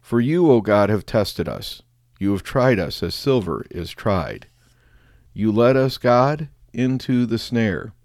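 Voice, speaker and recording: A man with a lowish voice chants psalms and prayers in a steady, measured cadence, letting each phrase sink at its close. The sound is dry and close, with no room echo. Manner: measured chanting cadence, drops pitch on closing words. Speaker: prayer leader.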